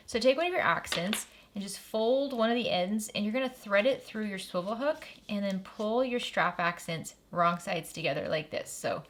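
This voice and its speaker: A woman's voice: mid-range voice, a bit bright, a little hiss or hum. A woman hosting a sewing tutorial, walking through each step in a friendly, practical way and stopping now and then to correct herself.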